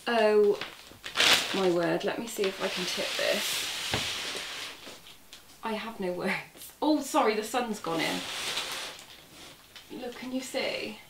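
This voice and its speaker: A chatty woman unboxes a gift for her vlog, gushing and easily overwhelmed. She talks slowly, and the camera sits a little way off. The room rings with echo, and a clear hiss sits under her voice. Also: medium pitch. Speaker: crochet vlogger. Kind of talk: casual unboxing chat. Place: indoor room at a table. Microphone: camera set back from her.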